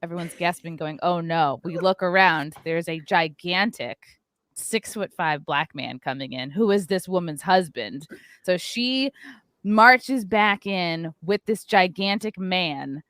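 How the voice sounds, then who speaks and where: A woman, hosting a podcast and telling a story in a lively chat, acting out the voices of the people in it. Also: lowish voice, measured pace, dry recording, clean studio sound. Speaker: podcast host.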